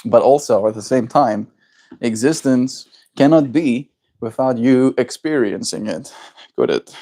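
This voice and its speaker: A man's voice: mid-range voice, measured pace, dark tone. A man livestreaming, musing in loose casual chat and answering his viewers' messages.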